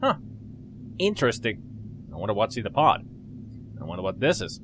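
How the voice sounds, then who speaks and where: A man's voice: lowish voice, huge pitch swings, moderate pace, background noise. A man giving chatty, joking let's play commentary as he plays a game. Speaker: gamer commentator.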